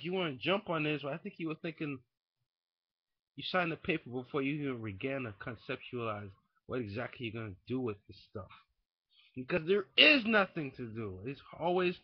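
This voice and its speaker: A man's voice: on the high side, slightly rough, dry recording. Profane young man ranting into a webcam. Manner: profane, rambling, swings from muttering to shouting. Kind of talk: casual webcam rant. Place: indoors at home. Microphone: webcam mic. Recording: dull lo-fi webcam audio.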